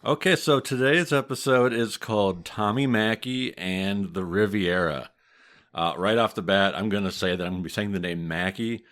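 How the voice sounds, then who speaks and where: A man with a Midwestern American accent hosting a podcast, telling history in a steady, matter-of-fact way with dry humor. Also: lowish voice, moderate pace. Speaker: podcast host, mafia historian. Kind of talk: casual podcast chat.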